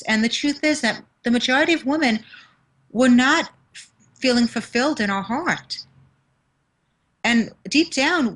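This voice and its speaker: A woman's voice: fairly high pitch, fairly bright tone, low-quality recording. A woman with a New York accent, a confidence mentor speaking earnestly and emphatically on a video call interview. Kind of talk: interview conversation.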